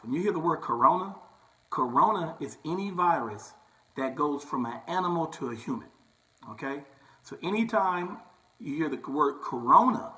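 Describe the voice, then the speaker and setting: A man's voice: on the high side, a bit bright, low-quality recording. Chatty man telling a story. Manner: chatty, repeats "right?" and "okay?" often. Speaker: barber and vlogger. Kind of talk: casual storytelling to camera.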